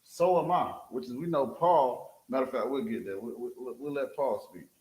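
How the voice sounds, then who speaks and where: Roomy sound and poor audio surround this man, a street preacher teaching scripture in a mid-range voice at a moderate pace. He animatedly calls for verses from a reader, asking over and over, "you understand?"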